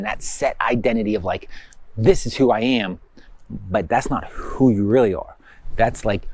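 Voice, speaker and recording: A man's voice: medium pitch, mellow, no room sound. Casual rambling male coaching instructor, dry sound. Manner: rambling, conversational, full of fillers and rhetorical questions. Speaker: course instructor. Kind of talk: casual spoken coaching lesson.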